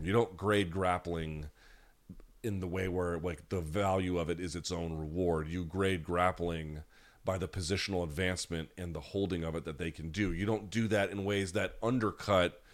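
Low-voiced guy hosting a live chat, swears a lot, rants hard, mocks people in silly voices. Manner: blunt, profane, ranting; mocks others in put-on voices. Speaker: host.

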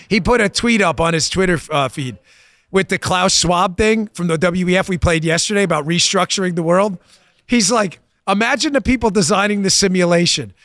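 Male talk host, high pitch, laughing and mocking, excitable delivery, dry studio sound. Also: dry recording. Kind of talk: political talk show monologue.

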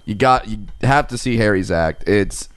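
Man, host, casual chat, smooth clear voice, dry close sound. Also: on the low side, dry recording. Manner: halting, repeats words, laughs often.

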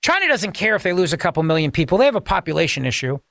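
Gravelly, high-voiced combative talk radio host. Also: male voice, big pitch swings, very fast, fairly bright tone, dry recording, studio quality. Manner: combative, sarcastic, rhetorical questions. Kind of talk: political talk radio monologue.

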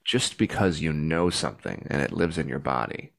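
A man in his forties, a podcast guest, talking earnestly and reflectively about faith and fear, sometimes rising into loud pleading. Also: a bass voice, lively intonation, moderate pace, vocal fry. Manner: earnest, reflective, bursts into loud pleading when recounting prayers. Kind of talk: heartfelt conversation.

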